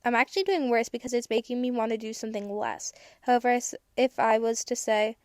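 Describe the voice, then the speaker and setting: A teenage girl hosting a podcast, giving candid, chatty advice with casual swearing and bursts of excitement. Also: on the high side, brisk, no echo, studio quality. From United States. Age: teens. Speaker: podcast host.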